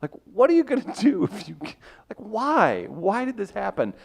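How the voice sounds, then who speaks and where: Brief: male podcast co-host, higher voice with a lot of pitch movement, rambling and chuckling. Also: wildly swooping pitch, normal speed, gravelly. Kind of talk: comedic podcast banter.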